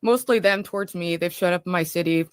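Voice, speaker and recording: A woman's voice: fairly low pitch, fast, clear, resonant tone, no echo, clean studio sound. A woman talking casually on her livestream, scattered and rambling.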